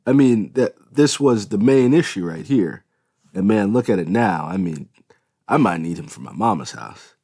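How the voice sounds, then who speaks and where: A man's voice: on the low side, animated, moderate pace, mellow, no echo, studio quality, pitched above the performer's own voice. A man reading an audiobook, voicing an easygoing young man who talks in a casual, folksy way. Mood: admiring.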